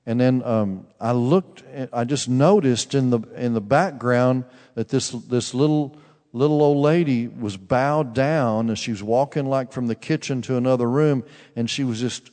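In a church sanctuary, a male preacher shares a personal testimony as part of a sermon, addressing his listeners fervently and restarting often. His medium-pitched voice has a darkish tone, and long reverb fills the large hall.

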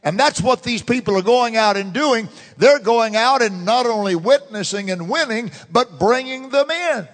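A fervent man preaching a sermon in a church, swinging from loud declarations to hushed murmurs. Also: extremely high pitch, expressive, normal speed, few pauses. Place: church sanctuary. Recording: long church reverb.

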